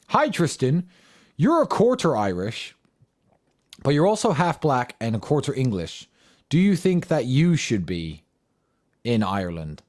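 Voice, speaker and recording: A man giving an impassioned, combative monologue in answer to audience questions, firing off rhetorical questions and swearing for emphasis. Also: lowish voice.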